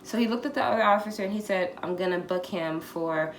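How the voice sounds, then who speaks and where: A woman's voice: medium pitch, quick pace. A woman in her twenties telling a personal story on her vlog, candid and profane, acting out what people said to her. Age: 20s. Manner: candid, profane, animated retelling with acted-out quotes. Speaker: vlogger. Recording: echoey room, faint background hiss.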